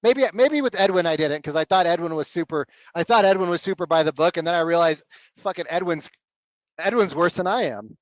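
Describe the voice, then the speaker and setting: A man coaching salespeople live on a video call, blunt and animated, swearing casually. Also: on the high side, a little fast, no room sound, muffled recording.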